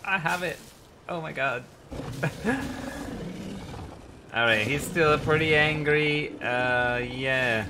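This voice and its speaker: A man commentating a survival building game as he plays, excitable and quick to yelp in panic or laugh at mishaps. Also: a little high, background noise. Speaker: gaming channel host. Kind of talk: let's play commentary.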